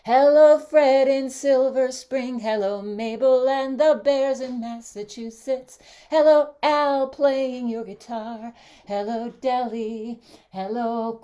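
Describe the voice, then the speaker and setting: A woman's voice: fairly high pitch, steady tone, takes it slowly, mellow, lo-fi sound, soft background music. A woman hosting an online song gathering, greeting viewers one by one in a lilting, sing-song way over a video call. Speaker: host. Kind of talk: warm welcoming livestream greetings.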